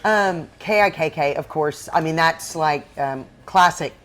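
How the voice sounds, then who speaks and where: A woman's voice: low voice, a little slow, fairly bright tone. A middle-aged woman hosting a talk show, interviewing casually with eager affirmations and exclamations. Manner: enthusiastic, frequent affirmations and exclamations.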